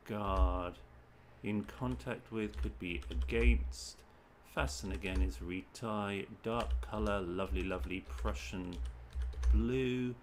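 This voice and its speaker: A man from the UK reads crossword clues aloud at an unhurried pace and mutters guesses in short bursts. His voice sits on the low side. Faint keyboard typing and room noise sit behind him at a home desk. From United Kingdom. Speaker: streamer solving crosswords. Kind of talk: thinking aloud while solving.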